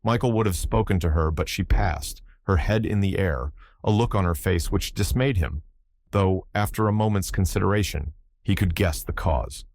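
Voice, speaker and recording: A man narrating a classic crime novel as an audiobook in a steady, measured reading. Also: deep voice.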